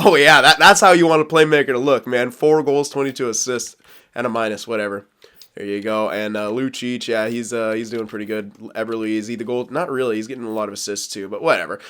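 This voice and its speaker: A gaming YouTuber with a mid-range, fairly bright male voice gives casual commentary while managing a hockey franchise game for his channel, talking to viewers and hiccuping along the way. Rambling and self-aware, he drifts onto tangents and laughs at himself as he sorts his lineup. His tone stays loose and chatty throughout.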